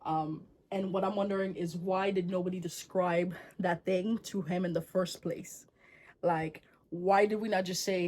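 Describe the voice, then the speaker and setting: A woman telling a folktale to camera in a casual, chatty vlog style. She uses slang and wanders off into digressions as she talks. Her tone stays relaxed and conversational. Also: on the low side, a little slow. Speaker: storyteller vlogger.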